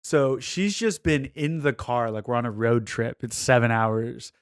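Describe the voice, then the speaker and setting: A man's voice: mid-range voice, a little slow, clean tone. A man co-hosting a podcast, telling rambling stories in casual chat with lots of fillers and quoted asides. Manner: rambling storyteller, many fillers and mimicked quotes. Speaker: podcast co-host.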